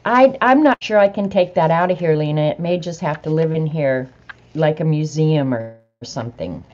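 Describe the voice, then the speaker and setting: Chatty woman vlogger, mellow voice. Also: low-pitched, normal speed, muffled recording. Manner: chatty, laughs and reads aloud. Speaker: vlogger opening happy mail. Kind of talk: casual chat to viewers.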